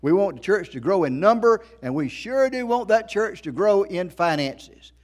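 A man's voice: high voice, lively intonation, normal speed, darkish tone. A middle-aged man preaching a sermon as a pastor, emphatic, repeating phrases and asking the congregation rhetorical questions.

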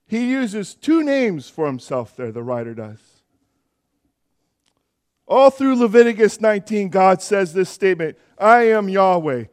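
High-voiced earnest male pastor preaching. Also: very animated, measured pace. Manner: earnest, building to emphatic exhortation. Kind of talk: sermon. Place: church.

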